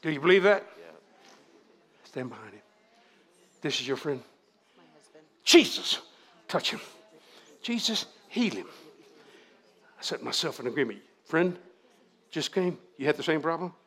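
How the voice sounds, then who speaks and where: Fervent older preacher. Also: male voice, a little high, lively intonation, moderate pace, pauses often, breathy edge. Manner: fervent, shouting prayer then folksy storytelling. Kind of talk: revival preaching. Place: church sanctuary.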